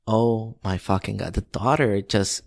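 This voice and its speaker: A man's voice: on the low side, unhurried, vocal fry, darkish tone. A man co-hosting a podcast who tells a long, profane anecdote in a loose, rambling way. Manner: rambling, profane, restarts often. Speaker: podcast co-host. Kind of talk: casual storytelling chat.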